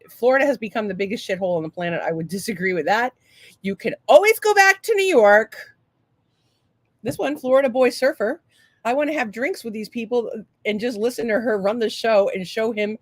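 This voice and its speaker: A woman's voice: a little high, brisk, no room sound. Profane woman with a Boston accent. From Massachusetts. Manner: profane, rambling, reads listener comments aloud. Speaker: podcast co-host. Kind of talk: casual chat.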